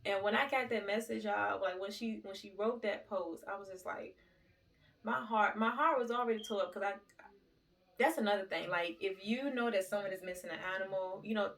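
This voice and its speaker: A woman's voice: medium pitch, brisk, vocal fry, fairly bright tone, far from the mic. Emotional woman vlogger, set back from the mic. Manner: emotional, addresses viewers as "y'all". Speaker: lifestyle vlogger. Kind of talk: casual storytelling vlog.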